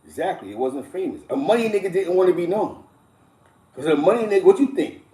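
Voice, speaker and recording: A man's voice: high voice, animated, quick pace, warm tone. A middle-aged man hosting a live stream, telling stories in blunt, profane casual street talk and chuckling as he goes. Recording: roomy echo.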